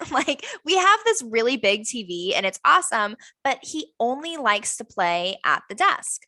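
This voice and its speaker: A young woman, co-hosting a casual podcast and telling an animated story, acting out the other people's lines. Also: fairly high pitch, a little slow, no echo. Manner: animated storytelling, acts out quoted dialogue. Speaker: podcast co-host. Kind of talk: casual chat.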